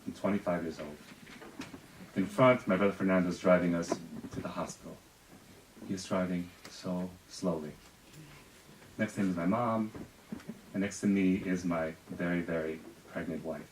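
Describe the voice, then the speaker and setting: Wry low-voiced man telling a stage story. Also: fairly even intonation. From Spain. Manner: wry, self-deprecating, quick asides. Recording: echoey room, distant mic, faint noise.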